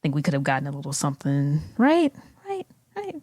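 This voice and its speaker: Low-voiced woman, playful tabletop player. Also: wildly swooping pitch, dark tone, dry recording. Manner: playful, giggly, quick questions. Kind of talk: playing a tabletop game.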